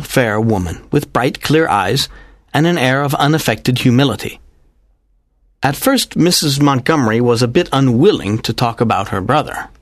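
A man narrating a dramatized audiobook in a measured, even storytelling manner. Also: mid-range voice, no echo, clean studio sound.

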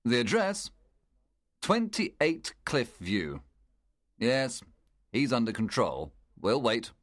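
A man's voice: medium pitch, huge pitch swings, slow pace, fairly bright tone, no room sound, heavily acted. Narrator doing a stern man of the house, firm and scolding, dry sound. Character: gruff, angry homeowner man.

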